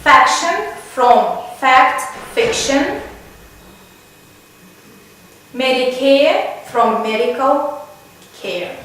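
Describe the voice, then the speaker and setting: Slow high-voiced woman lecturing. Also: animated, fairly bright tone. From Kazakhstan. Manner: slow, deliberate, lists examples one by one. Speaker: university lecturer. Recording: echoey room, voice far from the mic.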